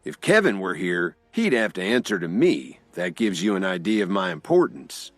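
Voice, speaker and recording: A man's voice: sits low, big pitch swings, dry recording, soft background music, full character voice. A man voicing an arrogant, menacing middle-aged man in an audio drama, growling and proud. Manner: growling, proud, slow and threatening.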